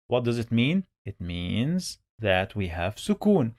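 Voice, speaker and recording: A man's voice: medium pitch, big pitch swings, a little slow, few pauses, a little mellow, dry recording, studio quality. A man teaching Quran reading step by step, patiently repeating each syllable several times. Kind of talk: slow step-by-step lesson.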